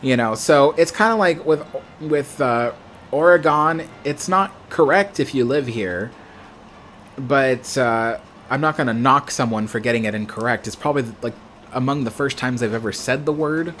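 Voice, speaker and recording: A man's voice: mid-range voice, normal speed, a bit bright, slight background noise. Rambling American man, casual livestream chat. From United States. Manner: rambling, self-correcting. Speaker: livestream host. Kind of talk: casual chat reading viewer comments.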